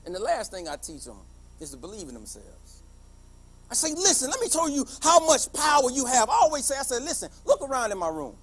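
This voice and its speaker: A middle-aged man delivers a motivational talk with a husky, slightly rough voice that sits high for a man. He swings his pitch widely, telling stories and building to fervent, emphatic peaks. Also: very animated, brisk. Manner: passionate and emphatic, building to shouts. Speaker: teacher giving a motivational talk. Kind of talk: motivational speech with storytelling.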